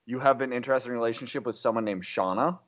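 A man's voice: mid-range voice, fast talker, fairly bright tone, highs cut off. A man hosting a casual chat, asking teasing, playful questions. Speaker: host.

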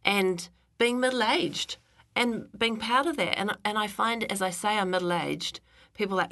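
A woman in her forties hosts an interview, her voice gravelly with fry. Her tone is bright and a little tense as she shares candidly with her guest. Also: medium pitch, sing-song, moderate pace. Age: 40s. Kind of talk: casual chat.

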